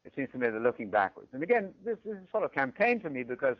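A man's voice: medium pitch, fast, dry recording. A man from Britain, giving a theology lecture and often checking in with the audience. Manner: animated, often checks in with "right?". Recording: dull, dry lo-fi recording.

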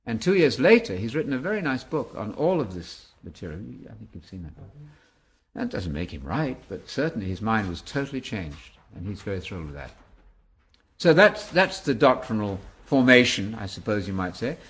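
A man's voice: fairly low pitch, a little fast. A man in his seventies, a Bible teacher answering interview questions in an emphatic, preacher-like way. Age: 70s. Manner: animated, emphatic preacher-like delivery.

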